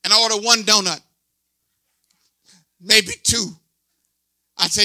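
A man's voice: high voice, steady tone, takes it slowly, pauses often, pushed and bright, no room sound, clean studio sound. A pastor in his sixties preaching a sermon with emphatic, repetitive call-and-response delivery.

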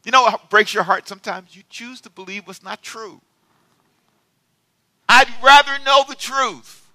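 A male pastor with a fairly high voice and a very bright, sharp edge, heard close and dry with no room around him. He preaches in a loose, rambling and self-deprecating way, dropping into quiet asides and then breaking into loud bursts. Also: unhurried, dry recording. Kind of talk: sermon.

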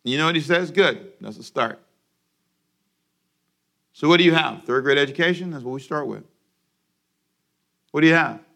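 A man preaching a sermon for a daily radio program, animated, and having his congregation repeat lines after him. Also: fairly high pitch, fairly quick, vocal fry, long pauses. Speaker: pastor.

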